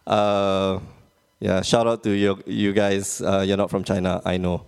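A man's voice: low voice, little pitch movement, a little slow, gravelly, darkish tone, clear, resonant tone. A man from Malaysia hosting a casual podcast, joking and rambling with frequent laughs. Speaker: podcast host.

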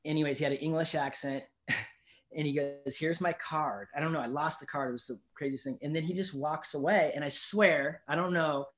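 A man telling a personal story in casual conversation as a podcast guest, animated, swearing freely and often asking "you know what I mean". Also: fairly high pitch, a little fast.

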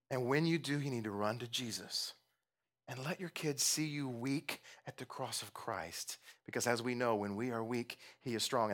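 A man's voice: medium pitch, a bit bright. A young adult man preaching a casual, conversational sermon in church, joking at his own expense and asking the audience questions. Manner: conversational, self-deprecating, asks the audience questions. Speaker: pastor.

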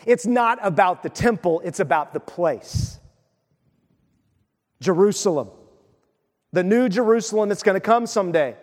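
A man's voice: high voice, lively intonation, a little slow, long pauses, in a large hall. A man preaching a sermon as pastor, emphatic and asking his listeners questions. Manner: emphatic, asks the crowd questions.

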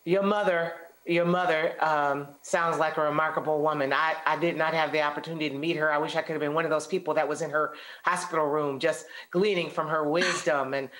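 A woman's voice: sits low, fairly even intonation, a little fast, few pauses, a bit bright. A woman hosting an interview, affirming her guest and encouraging her to share more. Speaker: host.

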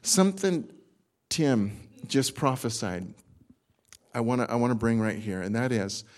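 Speaking a little slowly in a mid-range male voice, a pastor tells his sermon like a lively story, dropping into acted asides and frequently starting his phrases over.

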